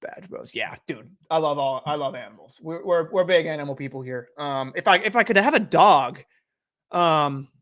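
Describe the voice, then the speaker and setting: A man's voice: fairly high pitch, normal speed, a bit bright. A young man rambling easily as a streamer and host in casual live-stream chat from home. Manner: easygoing, rambling, chatty. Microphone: desk microphone.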